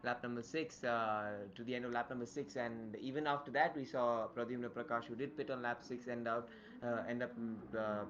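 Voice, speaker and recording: A man's voice: medium pitch, fairly even intonation, fairly quick, a bit bright, dull audio. A man co-commentating a racing event over a remote call, easygoing with lots of fillers. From India. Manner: easygoing, hesitant, many fillers. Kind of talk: live race commentary.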